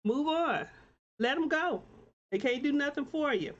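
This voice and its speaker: A woman host on a live stream, calling out viewers by name and urging them on like a preacher. She talks slowly and sits a little high in pitch, and the computer audio is somewhat dull and lo-fi. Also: animated. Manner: warm encouraging, churchy preacher-like exhortation. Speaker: talk show host.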